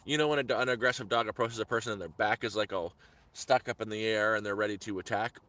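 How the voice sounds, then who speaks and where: Angry man ranting outdoors, bright voice. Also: on the low side, steady tone, quick pace. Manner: heated, repetitive storytelling with sudden outbursts. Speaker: vlogger. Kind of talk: angry live-stream rant. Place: outdoors in the woods.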